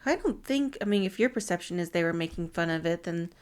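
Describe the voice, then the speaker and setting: A woman's voice: on the low side, expressive, quick pace, clear, resonant tone. A woman co-hosting a podcast, giggling often as she reads a film recap from her notes. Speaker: podcast co-host. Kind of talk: casual chat recapping a film.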